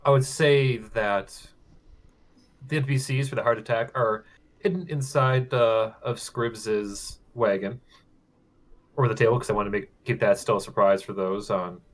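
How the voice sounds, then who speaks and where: A man with a fairly low, grounded voice narrates a tabletop adventure as the game master. He speaks in a measured, deliberate way and often stops to hesitate and gather his words. The delivery is unhurried scene-setting for his players.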